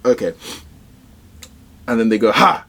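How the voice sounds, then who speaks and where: A man giving casual, excitable reaction commentary on a manga chapter, rambling with slang and fillers. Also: medium pitch, normal speed.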